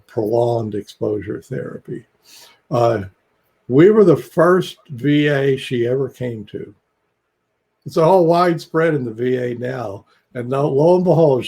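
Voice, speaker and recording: A man's voice: medium pitch, dark tone, slightly rough. An older man telling stories on a video call, rambling along with fillers and chuckles. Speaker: psychologist guest. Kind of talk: casual video call talk.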